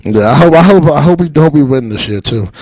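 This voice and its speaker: A man's voice: fairly high pitch, lively intonation, fairly quick, a little mellow, no echo, rough recording. A young adult man with a Boston accent doing a rambling stand-up comedy set, laughing at his own jokes and acting out other voices. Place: live stage.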